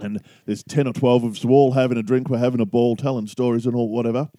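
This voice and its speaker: A middle-aged Australian man co-hosting a casual podcast chat, spinning a long yarn at an easy pace. His voice is mellow and dark, and the sound is dry and close. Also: mid-range voice, fairly even intonation, quick pace, no room sound. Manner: easygoing storyteller spinning a yarn. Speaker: podcast co-host.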